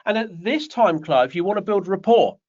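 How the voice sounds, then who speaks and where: A man's voice: high-pitched, lively intonation, moderate pace, a little mellow. Chatty man on a dull call line. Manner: chatty, rambling, joking asides. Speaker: property development coach. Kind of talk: online Q&A session. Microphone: video call. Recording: dull lo-fi online call audio.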